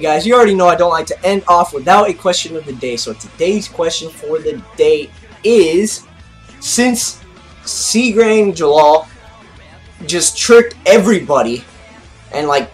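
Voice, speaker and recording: A man hosting an anime review, recapping an episode in a casual, excitable way, saying "like" often and gesturing as he talks. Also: a little high. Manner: excitable, heavy use of "like"; gestures with his arms while talking.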